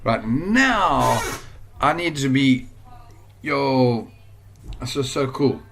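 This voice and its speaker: A man's voice: mid-range voice, drawn-out words, vocal fry, noisy background. Rambling South African man teaching online. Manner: rambling, excitable, thinks aloud. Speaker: online business trainer. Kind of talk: casual screen-share tutorial.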